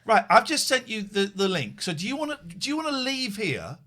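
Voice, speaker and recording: Animated, bright-voiced male host. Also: sits high, fairly quick. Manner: animated, excitable, rambling with restarts. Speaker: show host. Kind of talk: casual live show chat.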